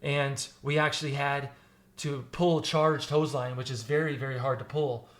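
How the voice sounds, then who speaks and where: A man, a podcast guest, telling stories in an animated, casual way. He often repeats and restarts words. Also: mid-range voice, normal speed. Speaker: podcast guest, former firefighter recruit. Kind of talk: casual interview storytelling.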